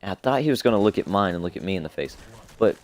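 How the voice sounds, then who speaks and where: A man's voice: sits low, lively intonation, rapid-fire. A young man telling a rambling, profane story in a casual, laid-back way as a streamer. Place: home streaming setup.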